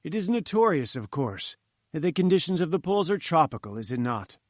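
A man's voice: on the high side, sing-song, brisk, no echo, clean studio sound. A man reading the lines of a pompous, condescending male professor who lectures in a lofty, patronizing manner. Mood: lecturing. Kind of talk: audiobook character voice.

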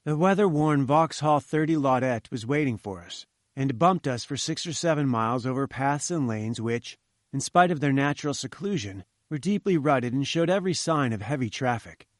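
A man's voice: medium pitch, animated, normal speed, no echo, studio quality. Man narrating a classic adventure story. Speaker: audiobook narrator. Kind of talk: scripted narration.

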